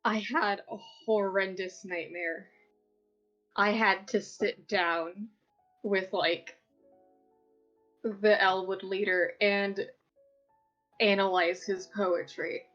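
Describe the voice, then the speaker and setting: Woman player, unhurried, rambling and giggly, muffled recording. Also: mid-range voice, steady tone, fairly bright tone. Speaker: tabletop game player. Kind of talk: casual chat. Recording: dull lo-fi audio, faint music.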